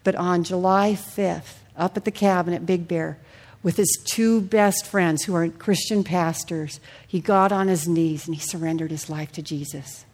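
A woman's voice: on the low side, fairly even intonation, measured pace, darkish tone. Woman preaching personal testimony to a congregation. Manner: personal testimony, audience questions. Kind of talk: sermon.

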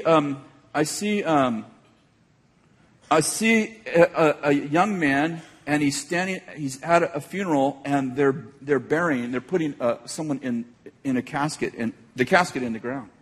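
A man preaching a sermon as an animated storyteller, laughing often as he tells a story to a hall audience. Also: a little high, unhurried, slightly rough. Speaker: pastor. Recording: echoey hall.

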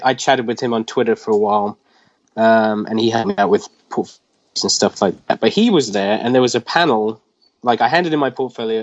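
A man's voice: medium pitch, dry recording. A man in his twenties, a comic artist, recounting a story as a guest in a casual interview, with lots of fillers. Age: 20s. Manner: rambling, animated retelling with filler words. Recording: dull lo-fi dry recording.

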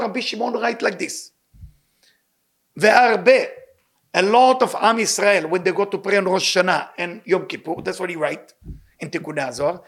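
Gravelly man teaching Torah. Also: high voice. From Libyan Sephardic family. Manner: earnest, animated storytelling in broken English. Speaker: rabbi teaching weekly Torah portion. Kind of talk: informal Torah lesson.

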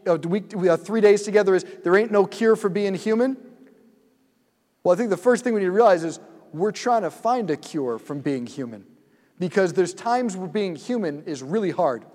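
A man preaching at a multi-night church event tells stories and acts out his inner thoughts in an animated way. His voice sits high, his pace is normal, and the sound carries through a large hall.

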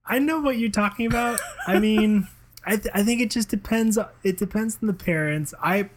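Man, podcast co-host, laid-back and dry, slightly high voice. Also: normal speed. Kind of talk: casual comedic chat.

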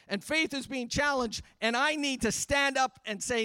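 A man's voice: very high-pitched, normal speed, few pauses, sharp tone, clean tone, no echo, clean studio sound. A man preaching a sermon, earnest and building fervor with repeated refrains. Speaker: pastor. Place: church livestream during pandemic.

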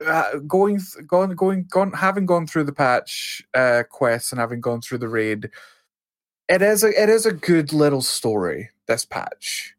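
Enthusiastic co-host, lively dry voice. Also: mid-range voice, a little slow, dry recording. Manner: enthusiastic, repeats words while searching for phrasing. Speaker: podcast co-host. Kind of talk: casual gaming chat.

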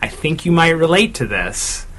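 A man from Canada, a podcast co-host, chatting casually and pausing often with "uh" as he recalls things. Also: fairly high pitch, very animated, a bit bright. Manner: chatty, many "uh" pauses while recalling. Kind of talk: casual chat.

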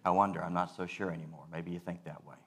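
Deep-voiced man preaching earnestly. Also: steady tone, fairly bright tone, husky. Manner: earnest, measured preaching with repeated phrases. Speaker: pastor. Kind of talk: sermon.

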